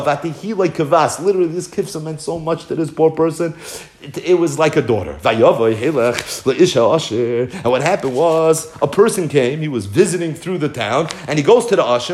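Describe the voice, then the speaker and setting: Animated male Torah teacher, echoey room. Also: on the high side. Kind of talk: animated storytelling Torah class.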